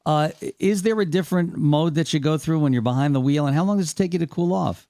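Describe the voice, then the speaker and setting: A man's voice: fairly high pitch, fast, warm tone, no room sound, studio quality. An older man hosting a radio interview, asking long, chatty questions. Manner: talkative, leading long questions. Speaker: radio host.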